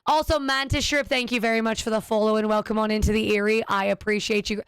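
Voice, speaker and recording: Joking woman streamer, smooth voice. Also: on the high side, little pitch movement, fast talker, dry recording, clean studio sound. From United States. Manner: joking and self-deprecating. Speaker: game streamer. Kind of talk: casual live-stream chat.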